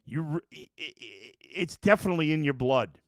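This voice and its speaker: A man's voice: a little high, expressive, brisk, dry recording, studio quality. A man hosting a sports podcast after a game, ranting in an exasperated way and reading out chat comments. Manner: ranting, exasperated, with many restarts. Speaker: podcast host.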